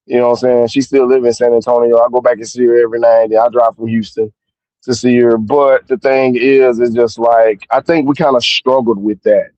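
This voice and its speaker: A man's voice: medium pitch, a little mellow, no room sound. A man in his forties calling in by phone from his car at work, talking casually and rambling with lots of "you know" fillers. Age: 40s. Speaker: caller. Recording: dull phone audio.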